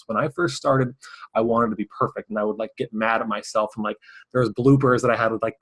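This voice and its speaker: A man hosting his own video channel, giving fast, casual advice straight to camera and sometimes mumbling his words. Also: mid-range voice, breathy edge, rough recording. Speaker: host.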